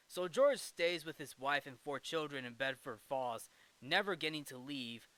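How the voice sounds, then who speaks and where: Bright, crisp-voiced man recapping a film. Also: on the high side, lively intonation, normal speed. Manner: rambling, restarts and self-corrections; jokey asides. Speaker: movie review host.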